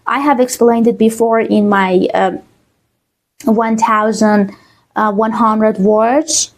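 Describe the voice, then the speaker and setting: A woman English teacher with a Persian accent, explaining exam reading answers slowly, with many fillers and a checking "okay?". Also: on the high side, fairly even intonation. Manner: slow, many fillers, repeats words with "okay?". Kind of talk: online exam-prep lesson.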